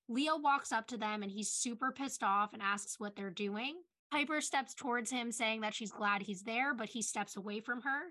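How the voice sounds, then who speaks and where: Bright, chatty young woman podcaster. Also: fairly high pitch. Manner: quick, chatty retelling with many "like"s. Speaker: podcast co-host. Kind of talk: casual chat recapping a TV episode.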